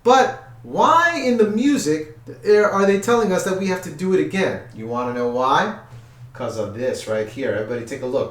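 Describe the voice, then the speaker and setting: A man's voice: mid-range voice, recorded from a distance. A man teaching a music class for young children, counting in, chanting and coaxing the kids to join. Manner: upbeat, coaxing, counts in and chants call-and-response. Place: room with chalkboards. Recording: echoey room.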